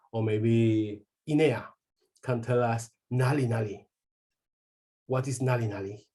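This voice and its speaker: Man, webinar trainer, halting delivery with restarts, video call audio. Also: medium pitch, mellow. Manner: halting, many fillers and restarts. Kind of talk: interactive online presentation.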